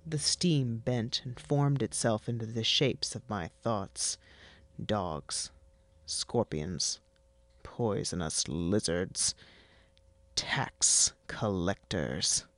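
A narrator reading a fantasy story in a wry, deadpan way. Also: medium pitch, drawn-out words, creaky, long pauses, no room sound. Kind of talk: scripted fiction narration.

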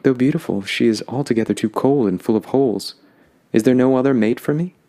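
A man's voice: mid-range voice, fairly quick, warm tone, pitched above the performer's own voice, lightly acted. A man doing a sulky, choosy young man. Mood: dismissive. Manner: sulky, dismissive. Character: lonely, picky young man.

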